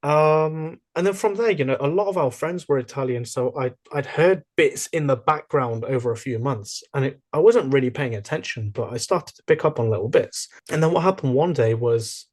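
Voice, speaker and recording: Animated young man telling stories. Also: mid-range voice, normal speed, few pauses. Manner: chatty, animated storytelling with many fillers and restarts. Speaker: podcast guest. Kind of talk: casual interview chat.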